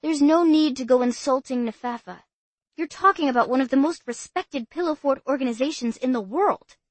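A woman voicing a self-important young boy who acts as a club official, speaking in a brisk, officious way. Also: high-pitched, dry recording, pitched above the performer's own voice. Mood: protesting.

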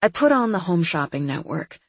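Husky woman narrating, low and dry. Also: sing-song, brisk, no echo. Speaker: audiobook narrator. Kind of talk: scripted first-person narration.

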